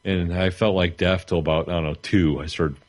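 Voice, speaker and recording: A man's voice: sits low, fairly even intonation, fairly quick. A man co-hosting a podcast, telling a rambling story in casual chat and laughing through it. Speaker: podcast co-host.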